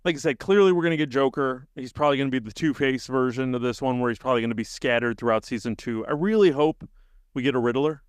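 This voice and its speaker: A man co-hosting a podcast, telling stories with excited enthusiasm in casual chat. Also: medium pitch, quick pace, clear, resonant tone, no echo. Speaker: podcast co-host.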